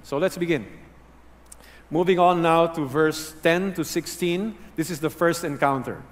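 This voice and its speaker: Unhurried and earnest, a male pastor teaches through his sermon in a somewhat high voice, going low and soft on the words he wants to land. His voice echoes long through a large hall.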